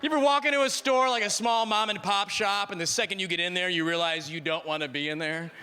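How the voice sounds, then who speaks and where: A man from Missouri doing a stand-up comedy set with a dry, deadpan delivery, breaking into quick voices for his characters. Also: high-pitched. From Missouri, USA.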